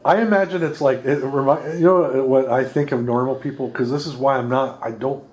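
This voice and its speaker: A man's voice: mid-range voice, steady tone, fairly quick, darkish tone. A man in his thirties co-hosting a podcast, rambling casually, swearing and laughing often. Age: 30s. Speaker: podcast co-host. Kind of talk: casual chat.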